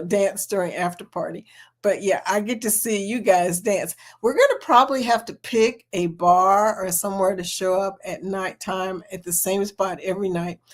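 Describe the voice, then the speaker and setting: Chatting with her audience on a casual livestream, this middle-aged host reads comments aloud, laughs a lot and addresses people as "girl" and "y'all" in a lively way. She speaks at a medium pitch.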